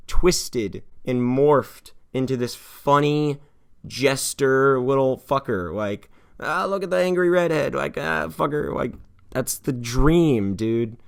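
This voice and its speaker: A man in his twenties from California, talking in an earnest confessional vlog, rambling and heartfelt, swearing often and swinging between hushed and heated. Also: medium pitch, clear, resonant tone. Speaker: YouTuber.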